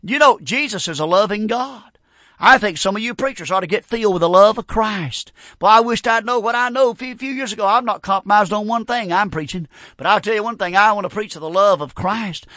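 Fiery preacher man, high and bright. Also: fairly quick, no room sound, studio quality. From North Carolina. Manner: fervent, folksy, bursts into shouts. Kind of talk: fiery revival sermon. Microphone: broadcast on radio.

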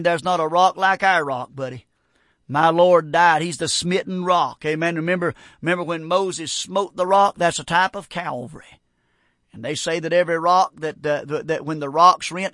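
A Southern man from North Carolina preaching a radio sermon, his voice pitched high for a man. He presses on with fervent repetition, stammering into restarts as he builds each point. The sound is close and dry, with no room around it. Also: a bit bright, dry recording. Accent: Southern American.

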